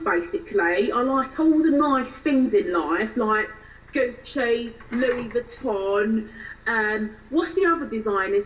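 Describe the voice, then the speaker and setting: A woman voicing a bubbly, shallow young Essex woman, with an Essex accent, chatty rising questions and drawn-out words. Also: sits high, distant mic, dull audio.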